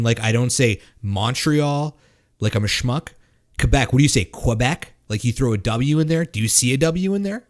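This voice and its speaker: A man co-hosting a casual drinking podcast, rambling and swearing, with lots of fillers and restarts. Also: mid-range voice. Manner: rambling, profane, halting with fillers. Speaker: podcast co-host. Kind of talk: casual drinking-show chat.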